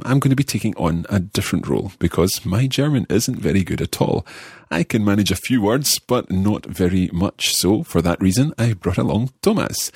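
A deep-voiced man leads a podcast language lesson in a friendly, measured way. His voice has a slightly husky edge and sits in a dry, close studio sound. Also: a little mellow, no room sound. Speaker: language course host and learner.

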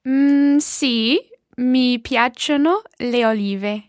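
Female learner: higher voice, very slow, tentative answers, dry sound. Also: no room sound. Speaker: student. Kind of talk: language lesson practice.

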